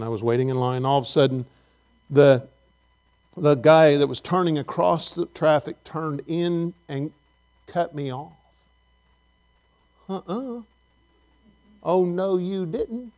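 A man with a high-pitched voice preaches to his congregation in a loose, conversational way. He keeps turning to the people with questions and a quick "amen?", folksy and down to earth. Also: a little mellow. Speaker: pastor. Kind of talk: conversational sermon.

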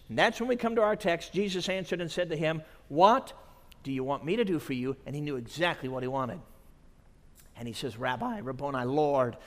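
A man preaching a sermon at a conference, dramatic, dropping to a hush and then rising to shouts. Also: high-pitched. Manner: dramatic, swings from hushed to shouting. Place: large conference hall. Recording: long reverb of a large hall.

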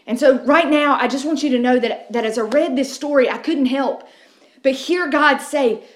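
Woman pastor, sermon, slightly high voice, echoey room. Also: moderate pace. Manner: conversational storytelling with frequent restarts. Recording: roomy echo.

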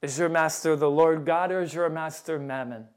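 A male preacher delivers a fervent sermon in a high, ringing voice. He leans into old scripture wording and presses his listeners with urgent questions. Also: fairly even intonation, moderate pace. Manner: fervent, rising to loud emphatic appeals.

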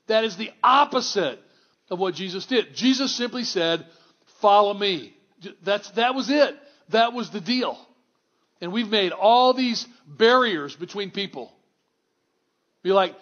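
A man preaching a sermon to a congregation in a church, conversational and wry, swinging from hushed to exclamatory. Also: sits high, expressive, measured pace, muffled recording. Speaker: pastor.

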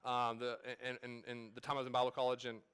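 A man's voice: mid-range voice, monotone, fast talker, fairly bright tone, clean tone. A man in his thirties, a pastor, preaching a sermon at a church service in a casual, storytelling way full of fillers and restarts.

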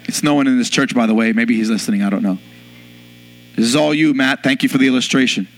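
A man preaching a sermon in church, telling a story with lively acted-out moments. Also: medium pitch, quick pace. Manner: animated storyteller, bursts into loud yelling in acted scenes. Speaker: pastor.

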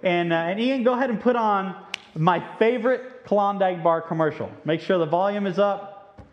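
A man's voice: high-pitched, moderate pace. A man giving an informal talk to a live audience through a microphone, speaking conversationally and acting out quoted lines. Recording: dull lo-fi recording.

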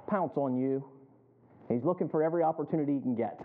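A man's voice: on the high side, a little fast, long pauses, a little hiss or hum. A man preaching a sermon as pastor, often asking the congregation to finish his sentences. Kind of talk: sermon with call-and-response questions. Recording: thin phone-like sound.

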